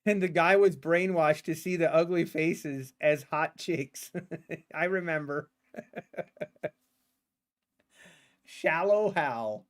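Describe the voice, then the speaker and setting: This man's fairly high voice moves slowly and pauses often as he streams his day trading. His casual commentary is playful and sarcastic, aimed partly at the market itself, and he laughs a lot.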